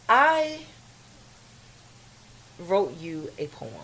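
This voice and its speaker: A woman's voice: medium pitch, sing-song, drawn-out words, bright, forceful tone, slight background noise, low-quality recording. A young adult woman co-hosting a podcast, chatting with her best friend in a teasing, playful way. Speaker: podcast co-host. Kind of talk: casual chat between best friends.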